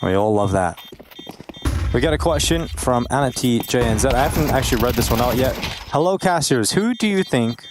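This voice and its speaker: An esports caster co-casts a competitive game live, dryly teasing his partner in banter between play calls. His mid-range voice is fairly quick with lively intonation, heard over music in a broadcast with loud game sounds behind.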